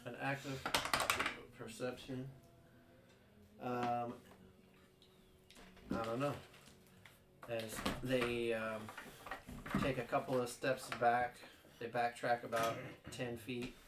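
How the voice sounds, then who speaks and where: A man running a tabletop game as dungeon master, narrating haltingly with many fillers. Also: mid-range voice, level tone. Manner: halting, full of fillers, bursts into loud character voices. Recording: roomy live stream, distant mic, background noise.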